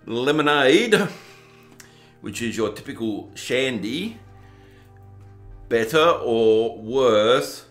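A man from Tasmania with an Australian accent, chatting casually and jokily as he reviews drinks for his home video channel. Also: medium pitch. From southern Tasmania. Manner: chatty, self-mocking, plays up the poshness as a joke. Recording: roomy echo with faint background music.

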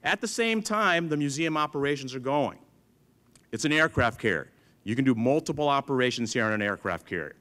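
This museum chief engineer, a middle-aged man, gives a lively speech full of stories, performing the conversations he recounts. His medium-pitched voice is brisk, a bit bright, with lively intonation.

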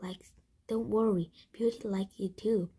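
A woman reading a cheerful animal-loving girl, breathy. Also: medium pitch, fairly even intonation, a little slow, mellow. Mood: cheery. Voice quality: breathy, husky. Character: cheerful young girl who loves animals. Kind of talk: storybook read-aloud.

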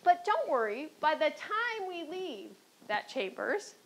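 A woman's voice: high-pitched, very animated, measured pace, fairly bright tone, rough recording. A woman from Chicago with a Chicago accent, speaking on a panel as a former court clerk and telling stories, often checking in with "right?". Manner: anecdotal, often adds "right?".

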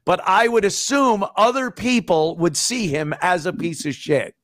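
A middle-aged man and former radio host appears as a podcast guest, chatting casually in a wry, profane manner and laughing often. His voice is high, unhurried, and a bit bright, with clean studio sound and no room noise.

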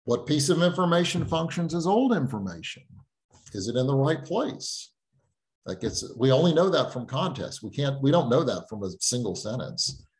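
Lively-voiced man lecturing on writing. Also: medium pitch, moderate pace. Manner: conversational, thinks aloud with fillers and restarts. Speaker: writing instructor. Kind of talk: online lecture.

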